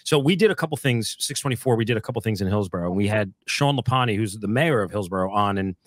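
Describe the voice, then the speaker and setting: A man hosting a podcast, talking in a rambling, halting way with many restarts. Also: lowish voice, animated, dry recording. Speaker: podcast host. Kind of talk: casual podcast chat.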